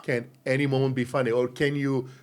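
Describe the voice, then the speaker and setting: A man hosting a podcast, asking careful, measured questions of his guest. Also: mid-range voice, little pitch movement, a little mellow, clear, resonant tone. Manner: measured, searching for words. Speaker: podcast host. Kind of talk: interview questions.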